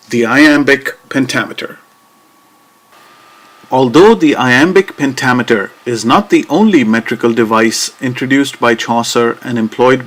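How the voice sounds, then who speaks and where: Guy reading a lesson script, slow and deliberate, leans on the beats, mid pitch. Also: fairly bright tone. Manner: measured, deliberate reading with rhythmic emphasis. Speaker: narrator. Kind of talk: scripted educational narration.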